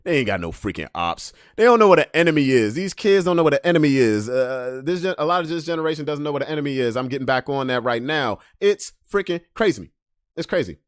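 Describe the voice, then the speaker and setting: A man hosting a podcast, ranting casually, swinging from loud emphasis to low mutters. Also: animated, fast talker, no echo, clean studio sound. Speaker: podcast host. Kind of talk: casual monologue rant.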